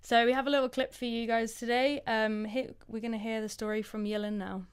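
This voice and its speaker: Woman presenter with a slightly high voice. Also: level tone, brisk, clear, resonant tone. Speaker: radio presenter. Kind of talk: casual student radio chat.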